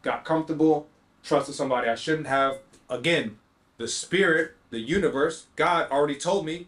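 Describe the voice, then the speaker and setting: A man hosting a podcast, telling a story in a slangy, animated way and acting out both sides of the conversation. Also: on the high side, normal speed. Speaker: podcast host. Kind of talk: storytelling monologue. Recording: roomy echo.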